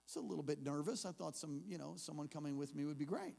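Animated high-voiced preacher in a reverberant church. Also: male voice, fast, vocal fry. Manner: animated, building from hushed to shouting. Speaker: pastor. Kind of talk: storytelling sermon. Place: church service.

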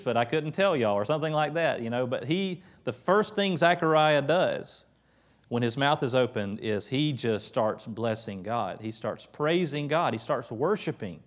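A man preaching a conversational, emphatic sermon in a church, retelling scripture with lively quoted voices. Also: medium pitch, moderate pace. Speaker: pastor.

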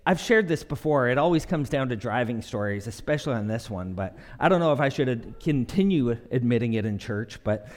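A young man preaching a sermon, animated and expressive, acting out quotes with shifting pitch. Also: fairly quick, hardly any pauses. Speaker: pastor. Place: church auditorium. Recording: long reverb of a large hall.

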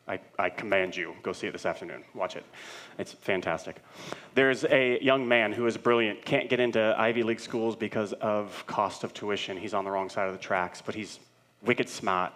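A middle-aged man preaches from the pulpit with earnest conviction. He builds his points through repeated phrases, rising loud and then dropping to a hush. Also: fairly low pitch. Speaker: senior pastor. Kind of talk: sermon.

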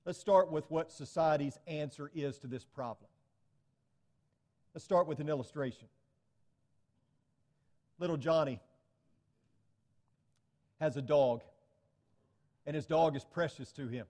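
Pastor guy giving a sermon, kinda high voice, earnest storyteller, big echoey church sound. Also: warm tone.

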